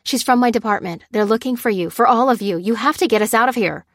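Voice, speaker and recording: A woman's voice: on the high side, fast talker, a bit bright, dry recording, studio quality, voice pushed up. A woman reading the lines of a frightened woman worker who pleads worriedly. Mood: anxious.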